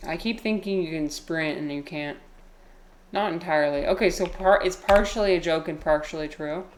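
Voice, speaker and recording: A woman's voice: low-pitched, normal speed, a little hiss or hum. A woman live-streaming a game, chatting casually with viewers, reading their comments aloud, often giggling and joking at her own expense. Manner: chatty, giggly, self-deprecating, reads chat aloud. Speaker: livestreamer playing a game.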